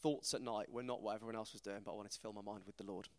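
A man, giving an informal, self-deprecating talk to a church group, animated as he tells stories. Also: fairly low pitch, rapid-fire. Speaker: preacher. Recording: reverberant hall.

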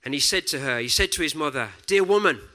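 A man preaching a sermon in a deliberate, reflective way, often dropping to a soft hush on key words. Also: medium pitch.

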